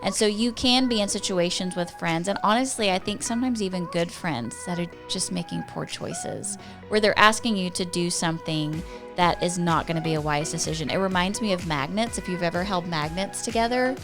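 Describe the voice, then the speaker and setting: A woman's voice: lowish voice, brisk, music in the background. A middle-aged woman co-hosting a casual podcast, telling stories in a playful way and laughing often. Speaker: podcast co-host. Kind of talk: casual chat.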